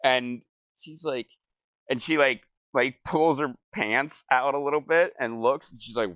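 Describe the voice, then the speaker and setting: A man's voice: medium pitch, a little slow, a bit bright, no echo. A young man casually telling a rambling, profane story over gameplay, laughing and mimicking the people he quotes.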